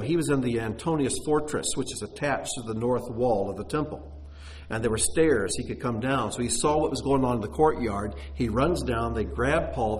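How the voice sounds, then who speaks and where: A man delivers a sermon, reading scripture with expression before breaking off to explain it plainly. His voice sits in a middle pitch and moves up and down a great deal. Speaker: Bible teacher.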